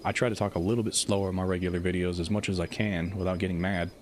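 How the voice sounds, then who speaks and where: A man chatting casually on a livestream as host, rambling in an animated, self-mocking way and answering viewer comments. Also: deep voice, racing, slight background noise. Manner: reads viewer comments aloud and answers them. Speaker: Zelda theory YouTuber streaming.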